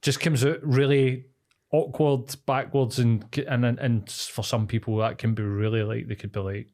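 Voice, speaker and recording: A man's voice: mid-range voice, flat delivery, moderate pace, darkish tone. A man, a podcast host, musing in rambling casual chat full of filler words.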